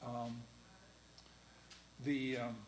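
A man giving a classroom lecture, speaking in a halting, deliberate way with many pauses, ums and restarts. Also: mid-range voice, level tone, roomy sound, slight background noise, poor audio. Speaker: lecturer on Shakespeare's verse.

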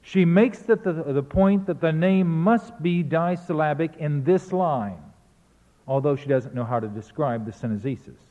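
A man's voice: fairly high pitch, moderate pace. A man lecturing on verse, explaining rhythm and chanting the beats aloud to demonstrate. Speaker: literature lecturer. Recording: tinny phone-like sound in a reverberant hall.

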